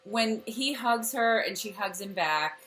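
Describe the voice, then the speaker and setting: A woman co-hosting a casual recap chat, animated, often exclaiming and acting out scenes. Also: medium pitch, a little slow. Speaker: podcast co-host.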